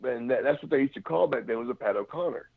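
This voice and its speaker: Gravelly man telling stories down a phone line. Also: medium pitch, animated, quick pace, dry recording. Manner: rambling anecdotes, imitates others. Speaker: former pro wrestler, guest. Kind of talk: casual storytelling interview.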